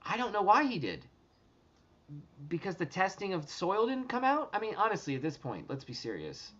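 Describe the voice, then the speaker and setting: Vlogger, male, slightly high voice, rambling and excitable, dull lo-fi sound. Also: moderate pace. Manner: rambling, excitable, swears, many restarts. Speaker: treasure hunt vlogger. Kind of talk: casual talk to viewers.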